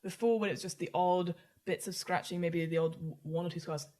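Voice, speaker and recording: A woman's voice: lowish voice, steady tone, brisk, dark tone. A woman narrating as game master, describing scenes in a chatty, loose way.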